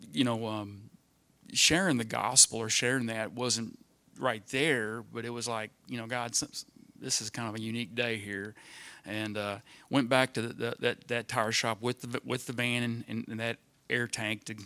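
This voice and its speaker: A middle-aged man shares a personal testimony in front of a church congregation. He speaks earnestly and haltingly, circling back and restarting his sentences at an ordinary pitch. The sound is dry and close, with almost no room echo. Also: fairly bright tone. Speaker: church member giving a testimony.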